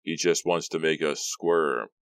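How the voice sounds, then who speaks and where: A man with a deep voice, reading an audiobook, voicing a daring, confident teenage boy. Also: unhurried, no room sound. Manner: calm, defensive.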